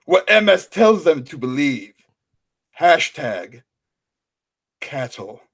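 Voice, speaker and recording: A man's voice: on the high side, very animated, slow, creaky, a bit bright, voice pushed down, full character voice. A man voicing a pompous old male professor, reading in a wobbly, bad British accent that slides toward a panicked old man. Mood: mock-serious. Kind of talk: mock-dramatic reading.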